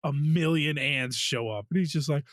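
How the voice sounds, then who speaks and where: A man's voice: a little high, normal speed, a bit bright, no room sound, clean studio sound. A man co-hosting a casual podcast, telling movie scenes in an easygoing way and acting out the quotes. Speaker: podcast co-host. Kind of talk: casual chat.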